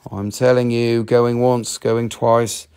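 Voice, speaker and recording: A man's voice: medium pitch, flat delivery, slow, darkish tone, clean tone. A middle-aged man from Western North Carolina, hosting a casual live sale of stones, rambling and joking as he goes. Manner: joking, rambling, slips into a mock Italian-French accent. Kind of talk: casual live sales chat.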